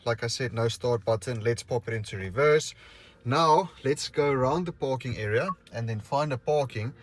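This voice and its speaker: A man's voice: medium pitch, moderate pace. Chatty man vlogging. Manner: chatty, thinks aloud, addresses viewers. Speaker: car reviewer. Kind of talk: casual vlog walkthrough. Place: outdoors and inside a car.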